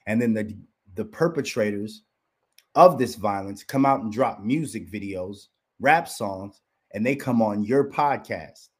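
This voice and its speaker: A man's voice: on the low side, husky. A man hosting a podcast, delivering a heated commentary rant full of rhetorical questions and repeating his rival's name for emphasis. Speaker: podcast host.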